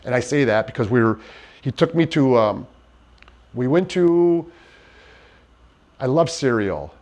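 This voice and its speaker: Man telling his story haltingly. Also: medium pitch, lively intonation, darkish tone. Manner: halting and earnest, with many restarts. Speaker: interviewee in a docuseries. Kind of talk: personal testimony interview.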